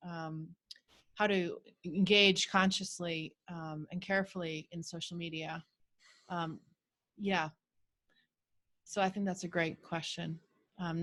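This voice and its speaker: A woman who teaches spirituality, co-leading an online healing circle in a thoughtful, measured way with frequent fillers. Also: lowish voice, a bit bright. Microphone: video call.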